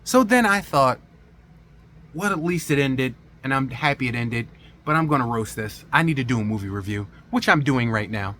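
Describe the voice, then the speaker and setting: A man delivering a movie review in a sarcastic, emphatic rant. His voice sits at an ordinary middle pitch, and he talks straight to his viewers in a casual vlog style. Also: a bit bright, a little hiss or hum.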